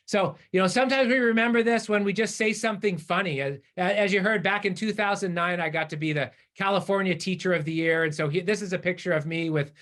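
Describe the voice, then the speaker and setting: A middle-aged man giving a conference keynote, telling stories with lively acted-out quotes. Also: high voice, quick pace, few pauses. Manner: animated storyteller, acts out voices in quotes. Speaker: keynote speaker.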